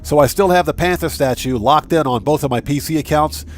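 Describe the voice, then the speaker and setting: Chatty male game streamer, slightly high voice. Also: brisk, faint music behind. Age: adult with a wife and child. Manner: chatty, thanks viewers by name, reads out chat. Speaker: live-stream gaming host. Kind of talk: casual live-stream chat.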